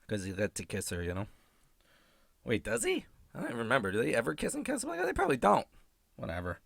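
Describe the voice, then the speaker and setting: Sarcastic man, comedic recap, profane deadpan asides, bright voice, dry close sound. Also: medium pitch, quick pace, vocal fry, no echo. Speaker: host.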